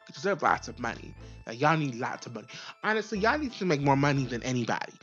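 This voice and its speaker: Young woman rambling through a show review, cusses a lot, real low voice that jumps around. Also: sing-song, fast, husky, dull audio, faint music behind. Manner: chatty, profane, lots of fillers and repeats. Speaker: video reviewer. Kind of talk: casual recap and commentary.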